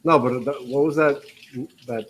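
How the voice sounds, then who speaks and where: A man co-hosting a podcast in casual chat, excitable and swearing casually. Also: mid-range voice, normal speed. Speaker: podcast co-host.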